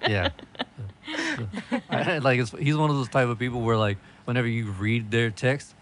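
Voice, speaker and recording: A man's voice: mid-range voice, steady tone, normal speed. A man telling loose, profane stories in a casual podcast chat with friends. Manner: laughing, profane storytelling.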